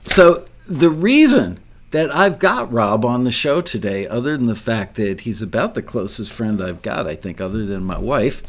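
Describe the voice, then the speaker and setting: A man's voice: medium pitch, big pitch swings, moderate pace. An older man hosting an interview, telling a long story in a rambling, self-deprecating way and laughing often. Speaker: podcast host.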